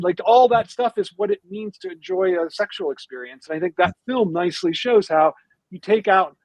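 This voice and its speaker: A man's voice: high voice, fairly quick, darkish tone, no echo, dull audio. A male philosopher and author, a podcast guest explaining ideas in casual talk, with many restarts and repeated words.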